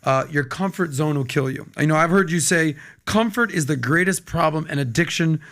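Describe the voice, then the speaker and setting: A man's voice: fairly high pitch, brisk. A man hosting a podcast, chatting energetically and cheering on his guest. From United States. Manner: energetic, agreeable, hypes the guest. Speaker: podcast host. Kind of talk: casual podcast chat.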